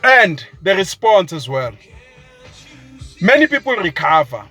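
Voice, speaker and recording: South African man, high-pitched, angry scornful rant, light music bed. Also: very animated, measured pace, pushed and bright. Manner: impassioned and scornful, mixing isiZulu into English. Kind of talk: political rant to camera.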